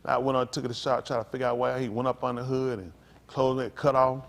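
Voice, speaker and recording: A middle-aged male pastor preaching to a congregation, rambling through folksy stories and jumping to loud emphasis. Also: medium pitch, level tone, fast talker, creaky.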